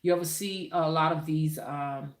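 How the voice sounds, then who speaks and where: A woman's voice: deep voice, moderate pace, reverberant. A woman hosting a spiritual livestream, talking casually and preachily to her viewers and greeting them by name.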